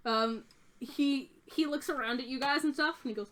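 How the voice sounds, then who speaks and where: A woman running a tabletop game, narrating scenes in detail and sprinkling her talk with "uh". Her voice is bright and forceful, sitting slightly high. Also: normal speed. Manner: descriptive, with frequent "uh" fillers. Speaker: game master.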